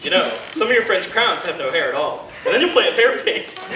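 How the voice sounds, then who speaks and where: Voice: medium pitch, big pitch swings, unhurried. An actor playing a fussy carpenter who directs an amateur play, coaxing and organizing his troupe on a college stage. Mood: earnest. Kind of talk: live college stage performance. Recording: roomy stage audio from far off with faint noise.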